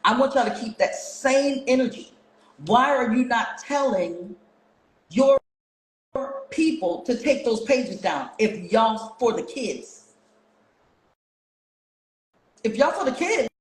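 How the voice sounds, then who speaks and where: Woman, livestream host, confrontational, high-ish voice, echoey room, phone mic. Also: animated, slow, pauses often, slight background noise. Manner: confrontational, fires repeated rhetorical questions. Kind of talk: casual livestream rant to viewers.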